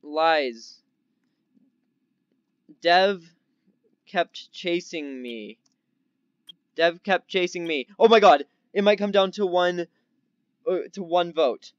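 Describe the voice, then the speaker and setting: Young male gaming YouTuber, jumpy and chatty, fairly high smooth voice, dry home mic. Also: a little slow, no echo, muffled recording. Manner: excitable, easily startled, chatty; doing a slightly odd put-on accent. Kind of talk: casual gameplay commentary.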